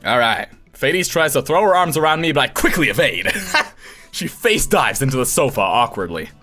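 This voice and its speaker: A man voice-acting a game playthrough, reading lines theatrically and breaking into laughs and shouts. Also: medium pitch, big pitch swings, moderate pace, soft background music. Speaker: voice actor playing a visual novel. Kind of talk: acted game reading with reactions.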